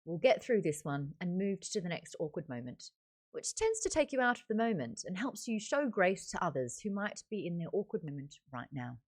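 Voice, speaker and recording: A woman's voice: on the low side, sing-song, normal speed. A woman doing an English accent to read aloud as a prim English lady, with careful, polished delivery.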